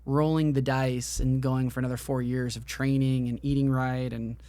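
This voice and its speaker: A man's voice: mid-range voice, flat delivery, normal speed, mellow, smooth, no echo. A man hosting a podcast interview, asking long winding questions full of "like.". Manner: leans on "like" as filler, talks in long winding questions. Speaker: podcast host. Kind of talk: casual interview chat.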